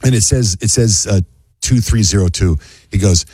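A middle-aged man hosting a radio show, telling a story in a casual, animated way and acting out sounds and quotes. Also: fairly low pitch, moderate pace, husky, dry recording. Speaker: radio host.

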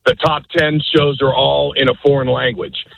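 Rambling caller on a dull line. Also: male voice, medium pitch, little pitch movement, normal speed, creaky. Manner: rambling, stops and restarts his points. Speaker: radio caller. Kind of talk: rambling call-in comment.

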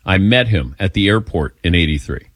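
Male talk radio host, lowish and animated, quick to laugh at himself, dry sound. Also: slightly rough, no room sound. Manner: laughs readily, self-mocking. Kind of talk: casual call-in chat.

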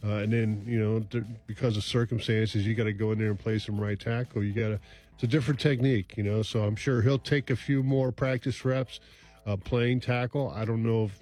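A man's voice: lowish voice, a little mellow. A man talking football as a radio analyst, rambling and full of fillers. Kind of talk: sports talk radio analysis.

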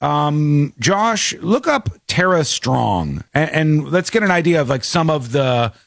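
A man hosting a casual commentary show, his voice a little higher than most. He rambles and restarts often, and his delivery is animated. The sound is dry and close. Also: slow pace, gravelly, no echo. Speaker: show host.

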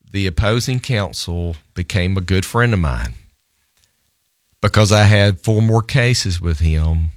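A middle-aged man, a divorce lawyer, telling an animated anecdote in conversation, often laughing and repeating words. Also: deep voice, no room sound, studio quality. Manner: lively storyteller, laughs often, repeats himself.

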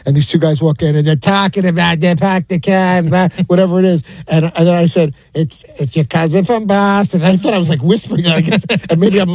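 A man with a New York accent telling a rambling story with lots of halting restarts. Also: sits high, steady tone, a little mellow, dry recording, rough recording. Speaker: radio show regular. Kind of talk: rambling anecdote.

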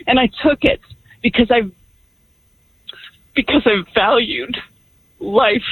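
Woman caller, middle-aged, husky voice, dry sound, earnest, emphatic. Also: high-pitched, no echo, phone-quality sound. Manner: earnest, emphatic, faith-driven. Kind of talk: call-in radio talk.

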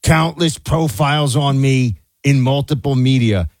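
A man co-hosting a political talk radio show, indignant and heated, at times rising to a shout. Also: medium pitch, a little slow, dry recording.

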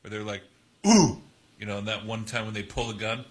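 A man chiming in on a talk radio show with quiet, offhand remarks. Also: lowish voice, little pitch movement, quick pace, a crowd in the background. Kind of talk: casual talk radio banter.

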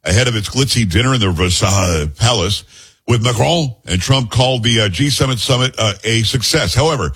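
Male talk radio host, slightly husky, conversational news reader with blunt asides. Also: mid-range voice, a little fast, fairly bright tone. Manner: reads news aloud with blunt personal asides. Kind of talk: opinionated talk radio commentary.

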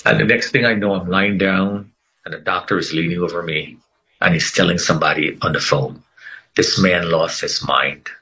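A man's voice: sits low, fairly even intonation, a little fast, pushed and bright, rough recording. A middle-aged man telling his life story in conversation, earnest and emphatic, repeating phrases for weight. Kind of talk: personal testimony in conversation.

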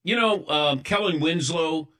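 A man's voice: fairly high pitch, measured pace, pushed and bright. A man hosting a sports talk show, telling wry, self-deprecating stories in casual chat while a little lightheaded. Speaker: sports radio host.

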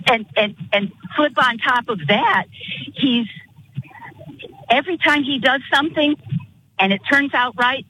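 A woman calling into a radio show, talking in an admiring, animated way. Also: a little high, slight background noise, poor audio. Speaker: caller.

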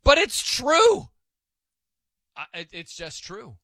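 A man's voice: very high-pitched, wildly swooping pitch, slow, pushed and bright, no echo. A man hosting a sports radio show in casual, rambling, self-amused banter at a studio microphone.

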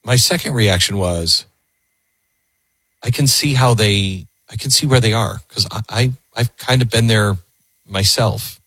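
A man's voice: on the low side, measured pace, a bit bright, husky, dry recording. A man hosting a call-in radio talk show, speaking earnestly into a studio microphone and often repeating words as he thinks aloud.

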